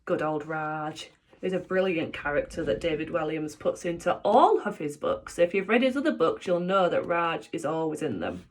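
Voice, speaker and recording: Woman teacher narrating a children's book, expressive, lively pitch. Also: normal speed. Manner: expressive storyteller. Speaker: teacher reading aloud. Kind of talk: children's book read-aloud.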